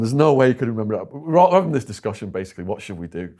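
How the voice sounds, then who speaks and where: An Englishman with a mid-range voice talks very fast, barely pausing. As an interview guest, he tells an animated story, voicing other people's words in quotes.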